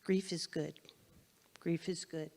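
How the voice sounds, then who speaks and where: A woman's voice: sits low, little pitch movement, slow, darkish tone. A woman minister giving a spiritual lesson to her congregation, conversational and repeating phrases for emphasis. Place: spiritual center meeting hall. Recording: long reverb in a hall.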